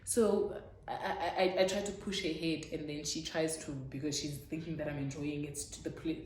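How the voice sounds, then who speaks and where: A woman's voice: low-pitched, fairly even intonation, moderate pace, darkish tone, slight background noise. A young woman vlogger telling a story frankly and dramatically. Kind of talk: storytime vlog. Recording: echoey room.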